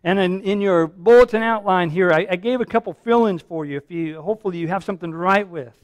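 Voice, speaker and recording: A man's voice: high-pitched, quick pace, no room sound. A man preaching a sermon as pastor, earnest and repetitive, often restarting his phrases.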